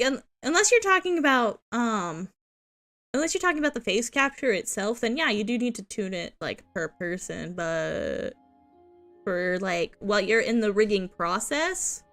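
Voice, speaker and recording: High-pitched bouncy woman vtuber, slow and giggly, faint music under her. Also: lively intonation, fairly bright tone. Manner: giggly, rambling, playful whining. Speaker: VTuber streamer. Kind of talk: casual live-stream chat.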